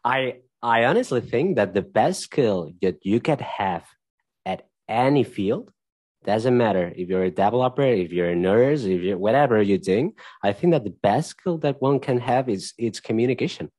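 A man's voice: medium pitch, animated, normal speed, a little mellow, breathy edge, no room sound. A man speaking as a podcast guest in a casual interview, thoughtful and searching for his words as he talks. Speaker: podcast guest, tech executive and dance teacher.

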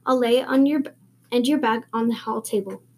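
A woman's voice: fairly high pitch, a little fast, a little hiss or hum, natural voice. A woman voicing a stern older farm woman who speaks curtly and sharply. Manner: curt, sharp.

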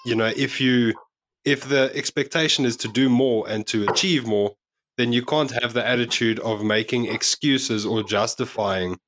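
A man's voice: medium pitch, normal speed, background noise. A man, co-hosting a podcast, talking in a frustrated, wry way in casual chat. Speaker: podcast co-host.

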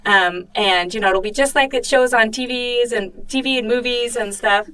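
A woman's voice: a little high, normal speed, fairly bright tone, distant mic, poor audio. A woman in a casual book discussion, talking conversationally with many fillers and restarts.

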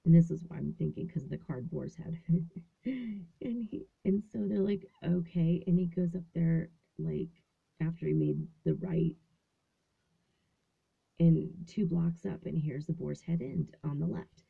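Gravelly-voiced woman rambling in a closet. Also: deep voice, unhurried. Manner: rambling, with many fillers and restarts. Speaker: vlogger. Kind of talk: casual storytelling, partly whispered. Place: small closet indoors. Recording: tinny, phone-like lo-fi sound.

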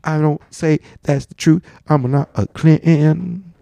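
A man's voice: a little high, fairly even intonation, takes it slowly, vocal fry, warm tone, no room sound. A man riffing in a crude, joking comedic rant as a podcast host.

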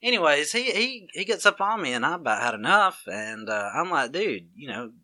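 Bright-voiced man with a Southern accent. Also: on the high side, moderate pace. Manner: animated storyteller acting out both sides of a dialogue. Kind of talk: casual chat.

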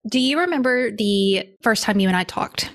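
A woman's voice: medium pitch, animated, moderate pace, gravelly, a bit bright, dry recording, clean studio sound. A young adult woman with a Southern US accent, co-hosting a podcast in chatty, enthusiastic casual conversation. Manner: chatty, enthusiastic, laughs easily. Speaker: podcast co-host.

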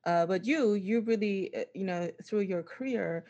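A woman's voice: mid-range voice, normal speed, dark tone, dull audio. A woman interviewing a musician, asking about his career in a hesitant way, with many ums and restarts. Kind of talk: casual interview.

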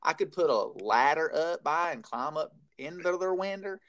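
A man's voice: a little high, animated, moderate pace, fairly bright tone. A man on a comedy podcast who grumbles in old-fashioned country talk.

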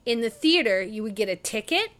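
A woman in her forties co-hosting a casual movie review podcast, chatty and animated, with frequent "like" fillers. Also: a little high, brisk. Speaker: podcast co-host.

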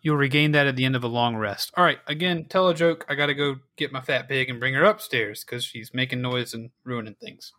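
A man's voice: mid-range voice, a little fast, few pauses, sharp tone, dry recording. A man running a tabletop game as game master, describing wounds and rules with frequent fillers.

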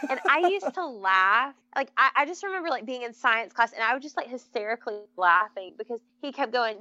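A young woman co-hosting a podcast, bubbly and animated as she chats and laughs through stories. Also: a little high, moderate pace, few pauses, muffled recording. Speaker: podcast co-host. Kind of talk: casual chat.

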